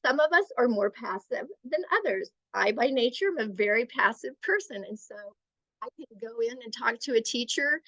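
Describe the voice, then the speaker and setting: A middle-aged woman giving a gentle, explanatory talk to parents, sometimes acting out the phrases she uses as examples. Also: on the high side, lively intonation, normal speed, dry recording, lo-fi sound. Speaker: parenting educator.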